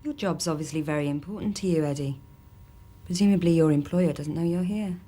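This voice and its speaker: A calm female detective in a TV police drama, asking quiet, dry questions. Her voice is very low and mellow. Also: brisk. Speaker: police officer.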